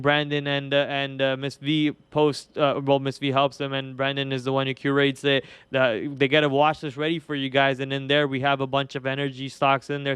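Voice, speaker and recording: A man's voice: medium pitch, a bit bright, smooth, no echo. Indian-accented man hosting a live trading stream. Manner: casual, rambling, many fillers and restarts. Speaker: trading show host. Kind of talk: live market commentary.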